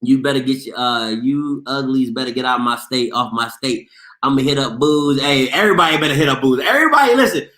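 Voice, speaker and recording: A man hosting a casual sports call-in show, playful and loud, reading the chat aloud and breaking into shouts and laughter. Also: medium pitch, fairly even intonation, a little fast, roomy sound. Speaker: sports show host taking callers.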